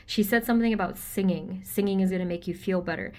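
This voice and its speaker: A woman doing a pick-a-card tarot reading for viewers, gentle and reassuring, chatty, with frequent ums and an easy laugh. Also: medium pitch, quick pace. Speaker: tarot reader.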